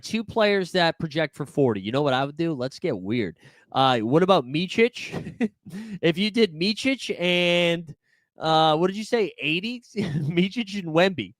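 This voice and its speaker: Answering viewers' questions on his live fantasy sports stream, this man keeps things casual, joking around and leaning heavily on filler words. His voice is on the high side and fairly bright, with clean studio sound and no room noise.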